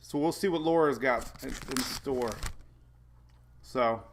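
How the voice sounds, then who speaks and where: A man's voice: medium pitch, slow, a little hiss or hum. A man hosting a live weather stream from home, chatting casually in a rambling, jokey way. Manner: rambling, jokey, self-deprecating with frequent laughs. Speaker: weather show host.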